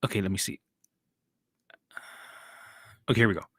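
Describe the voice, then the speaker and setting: A man's voice: on the low side, rapid-fire, a bit bright, husky, dry recording, studio quality. A man hosting a casual live stream, chatting loosely and answering viewer comments.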